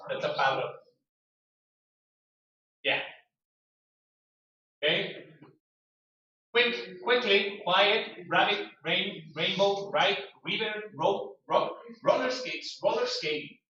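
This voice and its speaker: Here a man's high, animated voice comes across pushed and bright as he leads an English vocabulary class, slowly reading word lists with long pauses and acting out examples. The sound is lo-fi and dull, with a far-off classroom echo.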